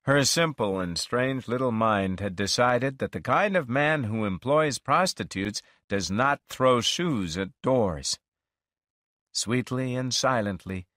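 A man narrating a story slowly and expressively for English learners. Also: on the low side, fairly bright tone, dry recording, clean studio sound.

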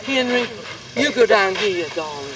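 A woman's voice: medium pitch, lively intonation, normal speed, a crowd in the background. A woman in her seventies with a Southern US accent, coaching children at tennis on an outdoor court with genteel endearments. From Eastern North Carolina. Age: 70s. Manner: genteel, sprinkles endearments like sugar and darling. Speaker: manners camp teacher. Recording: distant voice under loud music.

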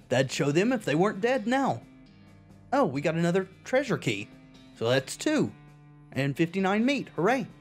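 A man hosts a video game playthrough, reading the on-screen text aloud before dropping dry jokes of his own. His voice sits somewhat high for a man. Faint background music runs underneath. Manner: reads game text aloud, then adds dry wisecracks. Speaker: let's play host. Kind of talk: game commentary.

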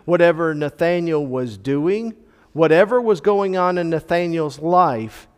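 Male church teacher, explanatory and emphatic, somewhat high voice, recorded with a long hall tail. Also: unhurried, clear, resonant tone. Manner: explanatory, stressing key words, frequent fillers. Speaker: Bible study teacher. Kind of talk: teaching a church Bible class. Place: church classroom.

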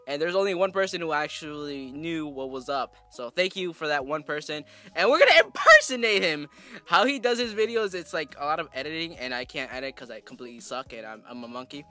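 A gaming YouTuber rambling casually through their commentary, self-deprecating and trailing off quietly. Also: mid-range voice, fast, hardly any pauses.

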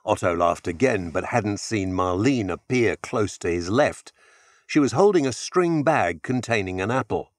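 Here a lowish male voice narrates an audiobook, measured and expressive as he tells the story. It's studio quality with no room sound at all.

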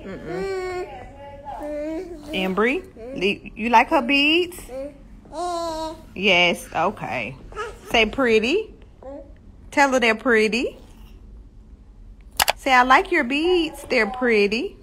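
A woman's voice: on the high side, sing-song, drawn-out words, long pauses, crowd noise. A woman filming her children at home, coaxing and teasing them in a playful, casual way. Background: music.

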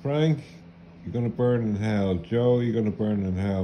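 A man's voice: on the low side, moderate pace. Middle aged irish guy ranting and cursing, lots of swearing, kinda dull lo-fi recording. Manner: bitter, profane, repetitive cursing. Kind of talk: angry rambling rant. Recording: dull lo-fi with faint hiss.

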